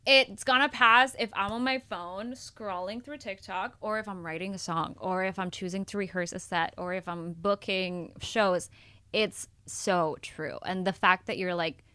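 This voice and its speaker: A woman host with a low-set but bright, forceful voice, smooth and clear. She talks encouragingly and with feeling, recorded close and dry. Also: dry recording. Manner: warm, encouraging, emotional. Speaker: voice teacher and podcast host. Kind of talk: casual interview chat.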